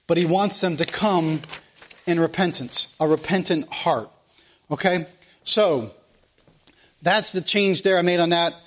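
A man's voice: high-pitched, fairly bright tone. A man preaching a sermon, reading scripture emphatically and speaking earnestly to his congregation, with some restarts. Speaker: pastor.

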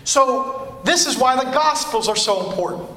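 A man's voice: extremely high pitch, lively intonation, moderate pace, pushed and bright. A male pastor preaching a sermon in an emphatic, repetitive cadence, recorded in an echoey church.

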